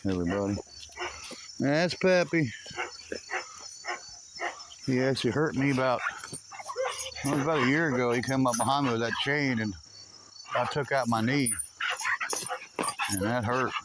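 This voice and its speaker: Slow-talking middle-aged man outdoors. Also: mid-range voice. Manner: chatty and easygoing, chuckles often, coos to his dogs. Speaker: garage owner showing his rescue dogs. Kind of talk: casual outdoor vlog. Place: overgrown backyard with dog pens, outdoors. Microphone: camera on a swinging makeshift mount. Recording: noisy outdoor audio with dogs barking.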